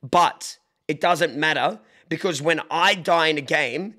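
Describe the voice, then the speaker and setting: A young man chatting casually on a live stream, joking and breaking into mock shouts, recorded on a desk microphone at home. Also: fairly high pitch, a little slow. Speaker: livestreamer.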